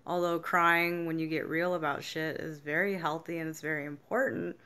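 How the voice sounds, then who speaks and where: A young adult woman, a self-help vlogger, delivers a casual, candid monologue about her feelings, frankly swearing and acting out what people said to her. Her low voice is sharp, clear and resonant, with fairly even intonation at normal speed.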